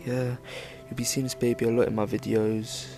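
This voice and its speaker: A man's voice: mid-range voice, flat delivery, a little fast, music in the background. A young man telling a personal story for his vlog, rambling with lots of "like" fillers. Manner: rambling, filler-heavy "like" delivery. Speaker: vlogger.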